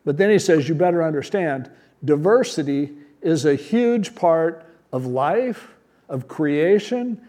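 A man's voice: a little high, dark tone. A man preaching a sermon as pastor, teaching verse by verse in a conversational, plain-spoken way and asking rhetorical questions.

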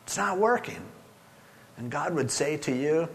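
An older man preaching a sermon as pastor, urging his listeners and swinging from loud pushes to hushed, low lines. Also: lively intonation, measured pace, pauses often.

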